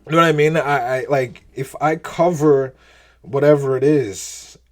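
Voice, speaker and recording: A man's voice: medium pitch, a little slow. Man, podcast host, casual faith reflection, rambling, restarts, chuckles. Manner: rambling, many restarts and "you know"s, chuckles.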